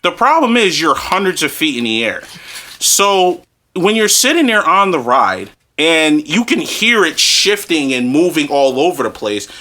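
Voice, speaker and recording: A young man co-hosting a podcast, telling stories in a profane, exasperated, animated way and laughing often. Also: a little high. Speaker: podcast co-host. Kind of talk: casual storytelling chat.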